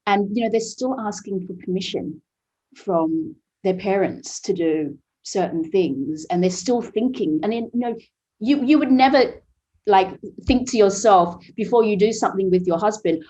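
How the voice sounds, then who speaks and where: A woman's voice: mid-range voice, normal speed, mellow. A woman guest on a podcast interview, talking earnestly with many "you know"s and restarts. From Vietnamese family raised overseas.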